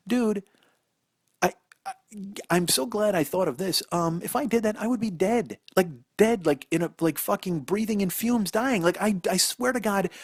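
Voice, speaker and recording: A man's voice: on the high side, no room sound, studio quality. A man in his forties hosting a solo comedy podcast from indoors in a house, rambling and swearing as he mocks himself. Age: 40s. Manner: rambling, profane, self-mocking. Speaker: podcast host. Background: dog barking.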